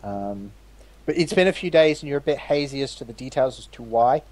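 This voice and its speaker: A man runs a tabletop game as game master, speaking at a middling pitch. He narrates in a halting way, with many pauses and restarts. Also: animated, a little mellow.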